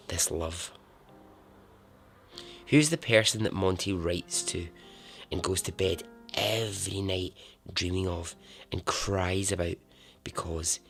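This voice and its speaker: Guy telling a story on his podcast, slow and drawn out, kinda low voice, dramatic and chatty. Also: creaky, a bit bright. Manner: dramatic, chatty, giggles at his own asides. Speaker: podcast host.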